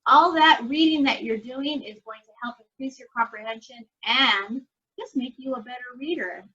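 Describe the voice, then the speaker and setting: A teacher with a high, bright voice gives announcements to students, friendly and encouraging. The recording sounds somewhat dull and lo-fi. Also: female voice, normal speed, breathy edge.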